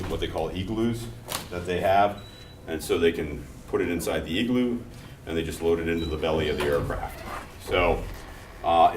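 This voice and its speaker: A middle-aged man teaching a class in a relaxed, conversational way, mixing personal stories into his explanations. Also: very deep voice. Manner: conversational, telling anecdotes between explanations. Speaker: instructor. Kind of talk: classroom lecture. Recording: echoey classroom from far off, faint noise.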